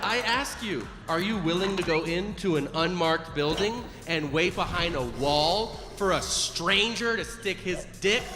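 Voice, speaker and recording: A man's voice: high-pitched, animated, unhurried, few pauses, in a large hall, over music. A man performing a stand-up comedy set, telling a story with profane, incredulous asides and acted-out quotes.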